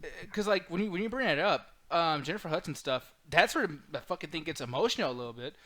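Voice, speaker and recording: A man hosting a casual movie review chat, animated and profane, prompting the others for verdicts. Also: a little high, fast talker. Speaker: host.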